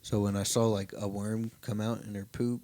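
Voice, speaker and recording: A man who is a touring comedian, a guest on a casual podcast, rambling easily with deadpan jokes. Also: fairly low pitch, normal speed, no room sound.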